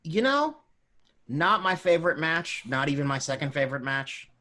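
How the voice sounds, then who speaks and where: A man co-hosts in casual chat with a lively, swooping pitch. His bright voice carries loose, hedging opinions. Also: normal speed. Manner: animated, hedging with "like". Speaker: podcast co-host.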